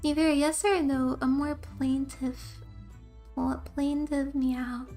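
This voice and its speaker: A woman's voice: high-pitched, fairly even intonation, a little slow, dark tone, soft background music. A young woman streamer who reads game text aloud and tells rambling stories between lines, laughing often. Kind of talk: casual game commentary and reading.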